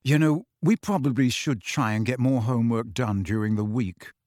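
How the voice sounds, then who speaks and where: A tired, loyal teenage boy who mutters quietly, played by a male narrator. The delivery is subdued and kept low, recorded dry and close. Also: sing-song, normal speed, no room sound.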